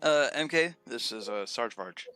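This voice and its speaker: Slow-talking young man, laid-back streamer. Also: mid-range voice, expressive, pushed and bright, dry recording, soft background music. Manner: laid-back, laughs often, self-deprecating. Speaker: streamer and writer. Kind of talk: casual livestream chat.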